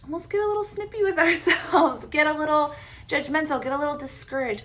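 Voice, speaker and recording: A woman with a slightly raised pitch talks through coaching advice in a relaxed, conversational way. She is animated and laughs easily, often slipping into little acted-out bits of her own self-talk. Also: a little fast. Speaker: Enneagram coach, podcast host.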